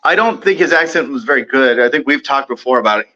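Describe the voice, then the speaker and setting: A man's voice: medium pitch, lively intonation, quick pace, pushed and bright, lo-fi sound. A man as the guest in a casual film discussion, hesitant, with lots of fillers and trailing thoughts.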